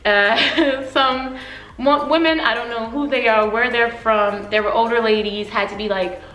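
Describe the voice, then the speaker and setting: A woman in her twenties telling a story for her vlog, animated and emotional, often laughing. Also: a little high, normal speed, roomy sound, poor audio. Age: 20s.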